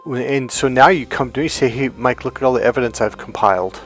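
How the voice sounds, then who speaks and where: Middle-aged male coach, mid-pitched, lively storyteller who swears, acts out quotes; light music bed. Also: fast talker. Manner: animated, swears freely, acts out quoted people. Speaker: dating coach. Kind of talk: casual storytelling monologue.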